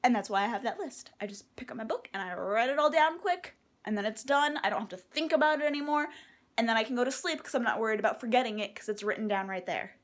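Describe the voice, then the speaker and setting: A woman's voice: on the high side, fast talker. A young woman talking casually at home about her to-do lists, chatty and rambling. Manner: chatty, rambling, laughs at herself. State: out of breath. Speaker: vlogger. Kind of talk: casual vlog chat. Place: at home, indoors.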